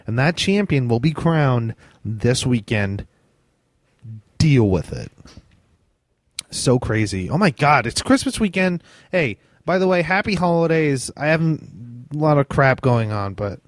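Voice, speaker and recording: A man's voice: medium pitch, expressive, unhurried, no echo. A man hosting a fantasy football podcast in a casual, rambling chat, swearing freely and restarting his sentences. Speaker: podcast host.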